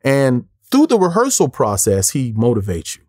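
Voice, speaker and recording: A man's voice: normal speed, no echo, studio quality. A man in his forties, an interview guest, telling a story in casual slang and acting out the quotes. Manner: lively, acts out quotes with big pitch jumps, casual slang. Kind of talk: animated storytelling.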